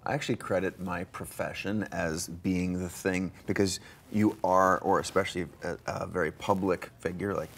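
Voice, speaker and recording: A male host with a lowish voice leads a live studio interview. He chats enthusiastically and throws in quick asides. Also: steady tone, vocal fry, fairly bright tone.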